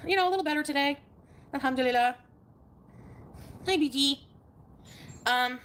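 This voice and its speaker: A woman's voice: high-pitched, normal speed, fairly bright tone. A woman chatting casually on a livestream and greeting her viewers one by one by name. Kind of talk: casual live stream chat.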